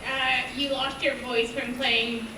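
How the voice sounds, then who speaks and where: A woman's voice: high voice, level tone, slow, pushed and bright, a little hiss or hum. A young woman fan asking a hesitant question at a convention panel. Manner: hesitant, with fillers. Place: convention hall audience. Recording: echoey hall, distant, faint crowd.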